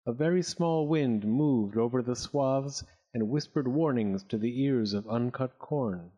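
A man reading a story aloud with expressive, dramatic narration. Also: medium pitch, unhurried, dull audio.

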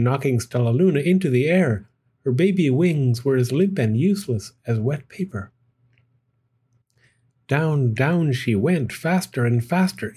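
A man reading a children's picture book aloud in a gentle, expressive storytelling manner. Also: medium pitch, husky.

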